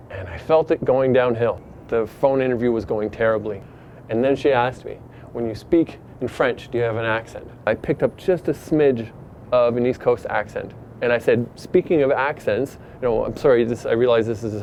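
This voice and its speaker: A man's voice: mid-range voice, darkish tone, slight background noise. Man telling a personal story, lo-fi. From Canada. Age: middle-aged.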